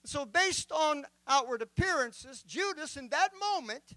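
A man preaching a sermon as a bishop, reading scripture slowly and dramatically. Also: very high voice, expressive, sharp tone, no echo.

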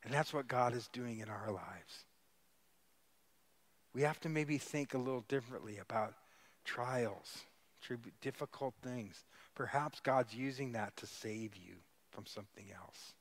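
A man's voice: medium pitch, unhurried, dry recording. Emphatic middle-aged male preacher. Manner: storytelling preacher, emphatic, rising to loud peaks. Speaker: guest pastor. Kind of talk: sermon.

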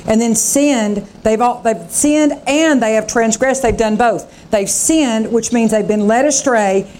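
A woman's voice: fairly high pitch, measured pace, a little mellow, a little hiss or hum. A woman pastor preaching a revival sermon, fervent and dramatic, acting out the voices of scripture.

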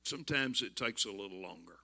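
A man in his seventies with a Southern US accent, telling stories in a folksy sermon and building to loud exclamations. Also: on the low side, lively intonation, brisk, vocal fry. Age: 70s. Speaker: visiting preacher. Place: church.

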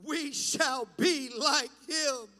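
High-voiced impassioned male preacher. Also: extremely slow, in a large hall. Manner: impassioned, rising to shouts. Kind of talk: pentecostal-style sermon. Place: church sanctuary.

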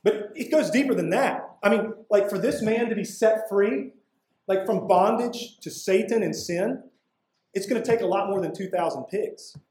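High-voiced man preaching in an echoey room. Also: darkish tone. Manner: conversational preaching with casual asides and emphatic pauses. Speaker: pastor. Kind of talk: expository sermon.

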